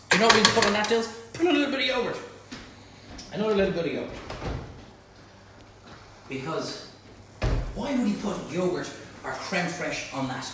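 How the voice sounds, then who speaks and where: A man with an Irish accent hosting a live cook-along in a home kitchen, chatty and excitable, full of exclamations. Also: sits high, moderate pace, long pauses. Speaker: chef host. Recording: very echoey room, faint noise.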